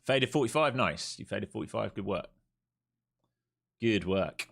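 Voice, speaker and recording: A man's voice: fairly low pitch, animated, measured pace, vocal fry, a bit bright. A man giving casual, blunt live trading commentary, thinking aloud, repeating key points and swearing freely. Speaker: live stream day trader.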